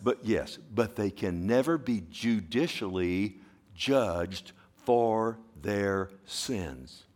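A man preaching a sermon who keeps asking the congregation "Amen?". He swings from loud emphatic bursts to low, quiet asides and often repeats words as he goes. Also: lively intonation, extremely slow. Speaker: pastor.

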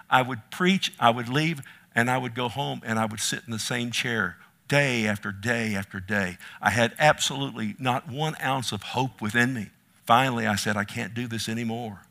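A middle-aged man preaching an impassioned sermon, swinging from hushed, slow words to loud calls. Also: medium pitch, vocal fry. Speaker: pastor.

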